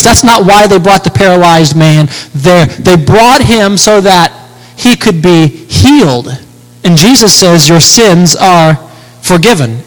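A man preaching a sermon, expounding scripture with rhetorical questions and slowing down to stress key words. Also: high-pitched. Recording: long hall reverb.

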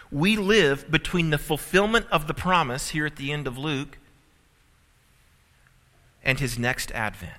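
A man's voice: fairly high pitch, bright, forceful tone. A man preaching a sermon as pastor, telling a family story with humor and building emphasis. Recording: reverberant hall.

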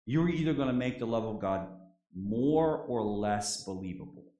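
A man preaching a sermon as a prison chaplain, moving between loud declarations and soft, quiet drops, in a church. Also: mid-range voice, expressive, moderate pace, muffled recording. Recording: echoey room.

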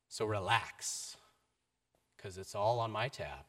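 A man giving a sermon, telling a story with varied emphasis and a mid-pitched voice. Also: lively intonation, takes it slowly, pauses often, fairly bright tone. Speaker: preacher.

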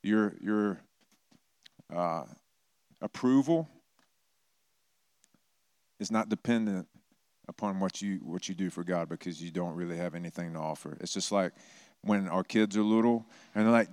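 A middle-aged pastor with a low, darkish voice gives his sermon in a loose, conversational way, doing quick impressions of the people in his stories and poking fun at himself. The sound is dry and close-miked, with no room sound.

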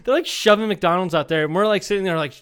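A man's voice: sits high, fast, a bit bright, clean tone. A man in his thirties from Iowa, co-hosting a comedy podcast and telling rambling, profane stories in casual chat. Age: 30s. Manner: rambling storyteller, swears a lot, mimics people. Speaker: podcast co-host.

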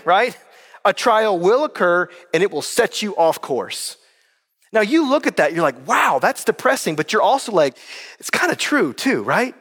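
Male pastor, high voice, casual conversational sermon, church sanctuary with long reverb. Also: a bit bright. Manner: conversational preaching, addressing the congregation as guys.

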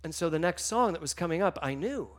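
A man giving a sermon, telling stories with emotion, moving between hushed and loud passages. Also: a little high, lively intonation, fast. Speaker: minister.

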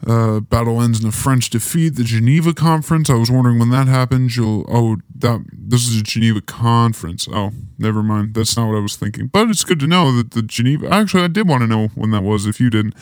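A man's voice: mid-range voice, fairly quick, few pauses, darkish tone, no room sound, clean studio sound. A man hosting a podcast, reading through a history timeline and breaking off with offhand, joking asides. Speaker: podcast host. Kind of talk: casual podcast history rundown.

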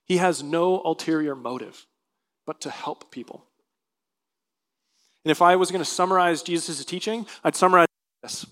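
A man's voice: a little high, normal speed, long pauses, a bit bright. A male pastor preaching a sermon, reading scripture aloud and explaining it earnestly. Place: church sanctuary.

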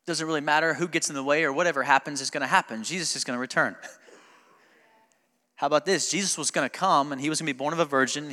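A man's voice: a little high, sharp tone, in a large hall. A male pastor preaching a sermon in a conversational, joking way that builds to emphatic preaching, recorded in a church sanctuary.

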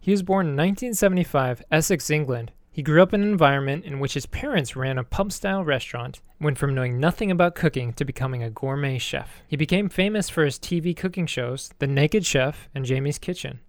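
Man, co-host, relaxed explaining, slightly high voice, dry close sound. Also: fairly quick, few pauses, no echo. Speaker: English co-host. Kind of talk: casual bilingual lesson chat.

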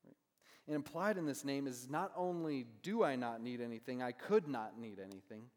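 With a medium-pitched, darkish voice at a normal pace, this pastor delivers his sermon like a conversation, frequently asking "right?" to check in with listeners. Long hall reverb colors the recording.

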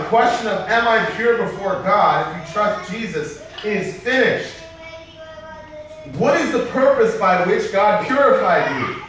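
A man preaching a sermon as pastor, lively and joking with the congregation. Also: sits high, measured pace, slight background noise. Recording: echoey hall from far off.

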